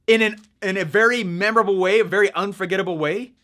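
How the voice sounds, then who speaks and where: A young man coaching viewers in a chatty, energetic way, checking in with "right?" as he explains. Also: high voice, fast. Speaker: online marketing coach. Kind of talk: casual teaching monologue.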